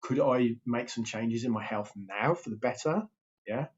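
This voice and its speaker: A man's voice: medium pitch, moderate pace. A man, a health and weight loss coach, talking casually and checking in with his listeners as he goes. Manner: chatty, keeps checking in with "yeah?". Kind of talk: casual motivational talk to camera. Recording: slightly dull lo-fi sound.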